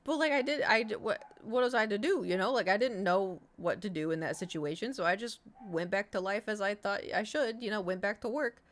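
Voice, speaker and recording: A woman's voice: medium pitch, a little fast, few pauses. A young adult woman streamer telling a rambling story in casual chat, swearing freely. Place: home room.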